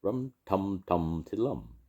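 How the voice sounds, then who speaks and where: An older man voicing a gentle, simple-minded, greedy male bear in a storybook, innocent and earnest. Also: low-pitched, huge pitch swings, measured pace, pitched above the performer's own voice, heavily acted.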